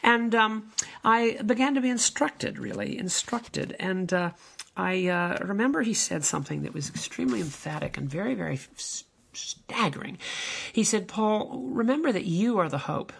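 An older man hosts his own podcast, musing on faith in a wandering, halting way. His voice sits a little high and carries a gravelly rasp. He drifts through thoughts with many fillers and restarts. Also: expressive, a bit bright. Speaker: podcast host, minister. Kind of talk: reflective spiritual monologue.

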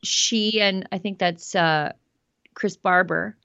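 A woman's voice: medium pitch, steady tone, slow pace, gravelly, pushed and bright, smooth, no echo. Woman host, emphatic news-commentary delivery, dry slightly dull sound.

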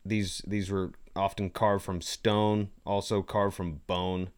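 A man with a fairly low voice talks in a loose, rambling way, full of fillers and restarts. He jokes around in casual chat as a podcast co-host. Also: little pitch movement, takes it slowly, a little mellow, clean tone. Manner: playful, jokey.

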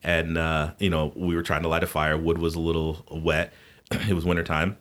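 A middle-aged man, co-host of a podcast, telling a story from his childhood in a casual, animated way and laughing often. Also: a bass voice, normal speed.

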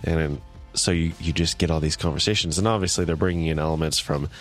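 A man co-hosting a casual podcast discussion, emotional and quick to laugh. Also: extremely low pitch, steady tone, soft background music. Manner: warm, emotional, laughs often. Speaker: podcast co-host.

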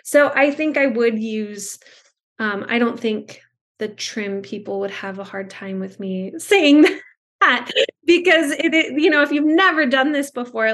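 A woman's voice: on the high side, fairly bright tone. A woman, a speech-language pathologist, telling stories in casual conversation, chatty with fillers and restarts, over a video call. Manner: chatty, many fillers and restarts, acts out quotes.

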